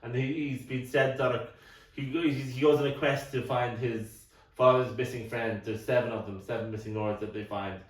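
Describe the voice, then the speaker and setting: A middle-aged man rambles through a casual podcast chat, tripping over repeated words and coughing at times. His voice is of middling pitch and sounds set back from the mic. The room around him is noticeably echoey. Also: steady tone, moderate pace, few pauses. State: coughing now and then. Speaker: podcast co-host. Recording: roomy, distant mic.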